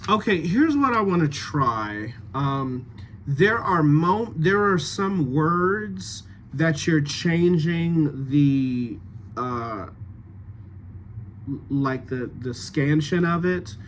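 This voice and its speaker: A man giving dialect notes to actors after a rehearsal, thinking aloud with many pauses and fillers. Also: a little high, lively intonation, slight background noise.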